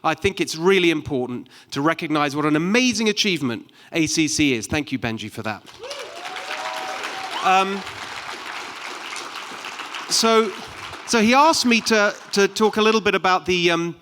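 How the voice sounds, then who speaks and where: A middle-aged man with a British accent speaks in a somewhat high voice. He tells stories in a loose, chatty way. The long reverb of a big conference hall trails his words through the venue PA. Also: lively intonation, moderate pace, long pauses, crowd noise, noisy background. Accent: British English. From United Kingdom. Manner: conversational, anecdotal, with frequent ums. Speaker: keynote speaker. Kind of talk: conference speech.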